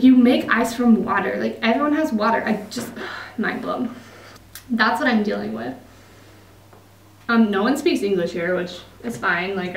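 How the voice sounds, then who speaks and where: A woman's voice: mid-range voice, reverberant, recorded from a distance, slight background noise, poor audio. A young woman from Utah with an American accent, chatting casually to camera in a vlog, laughing often and using lots of fillers. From Utah, United States. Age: young adult. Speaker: vlogger.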